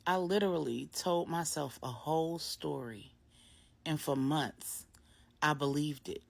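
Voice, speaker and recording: A woman's voice: deep voice, a little slow, vocal fry, exaggerated voice. A woman voicing an earnest, soul-searching mother. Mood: reflective. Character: grown woman, reflective mother confiding in her best friend.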